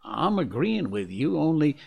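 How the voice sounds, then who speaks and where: A man voicing a gruff frontier dog musher who speaks in a dry, plain-spoken drawl, a little higher than his own voice. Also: sing-song, unhurried, a little mellow, full character voice.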